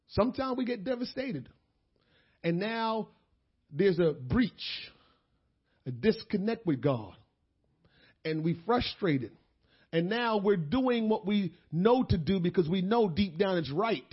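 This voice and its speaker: Pastor, male, very high voice. Fervent sermon delivery that rises to shouting. Muffled, lo-fi audio. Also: lively intonation, unhurried, pauses often, slightly rough. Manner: impassioned preaching, swelling to shouts.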